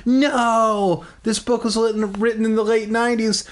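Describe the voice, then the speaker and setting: A man voicing a melodramatic young girl in a comedic book reading, with shrill, exaggerated wailing. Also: little pitch movement, quick pace, a little mellow, natural voice.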